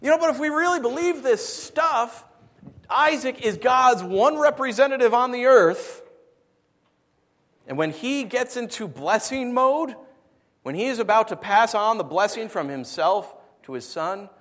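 Preaching with a high voice, this pastor keeps things lively and conversational. He often repeats words as he starts his sentences over.

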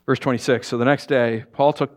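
A middle-aged pastor delivers a sermon, his voice sitting in a mid range. He tells stories in a joking, animated way and slips into quick put-on voices.

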